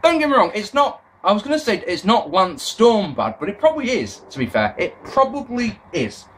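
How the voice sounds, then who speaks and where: A man's voice: high voice, very animated, moderate pace, a bit bright, a little hiss or hum. British guy ranting sarcastically, swears a lot, voice jumps all over. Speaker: wrestling show reviewer. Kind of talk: casual review commentary.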